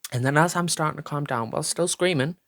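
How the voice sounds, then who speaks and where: A man's voice: fairly high pitch, fast, no echo. A young man telling a dramatic storytime vlog, swearing a lot and acting out what others said. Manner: animated, profane, acts out quotes in voices. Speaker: vlogger.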